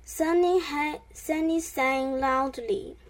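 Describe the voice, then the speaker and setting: A woman reading a children's storybook aloud as narrator, in a gentle read-aloud manner. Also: high-pitched, fairly even intonation, takes it slowly.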